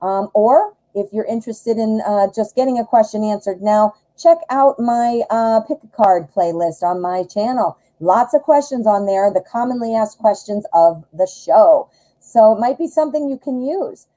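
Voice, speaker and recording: A woman running a live tarot reading, her voice mellow and warm. She talks in a loose, chatty way, full of fillers, and gets giddy and excitable. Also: on the high side, normal speed, poor audio. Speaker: tarot reader hosting a live show.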